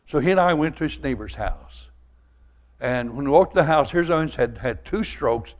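Older male pastor, fervent sermon delivery, mid-pitched voice, builds in volume, stammers on repeats. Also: lively intonation, normal speed. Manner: fervent preaching that swells louder, with repeated words.

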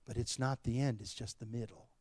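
Male preacher, mid pitch, dry close recording; dynamic sermon delivery from hushed to shouting. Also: steady tone, brisk, dry recording. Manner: wide swings from quiet to shouting. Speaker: pastor.

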